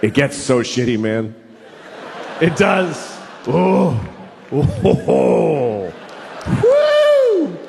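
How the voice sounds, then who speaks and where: A man doing a stand-up comedy routine with an animated, profane, exasperated delivery. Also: medium pitch, very slow, gravelly, a crowd in the background, background noise. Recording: reverberant hall, faint ambience.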